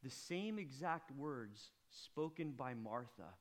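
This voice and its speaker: Male pastor, sermon, high-pitched voice, impassioned, hushed then loud. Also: animated, normal speed.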